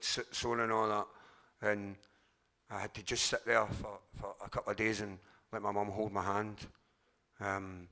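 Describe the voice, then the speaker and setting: Gravelly Glaswegian man, candid and raw. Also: on the low side, pushed and bright. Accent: Glaswegian Scottish. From Scotland, Glasgow. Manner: candid and raw, swears freely, halting restarts. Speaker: speaker sharing at a recovery convention. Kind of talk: personal recovery share.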